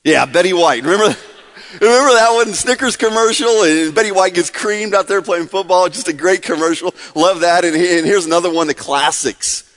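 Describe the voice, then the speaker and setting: A pastor in his forties opens his sermon in a church hall, his high-pitched voice a little bright and his pace moderate. He keeps it casual, upbeat and chatty, quizzing the congregation, and the recording carries a long church reverb.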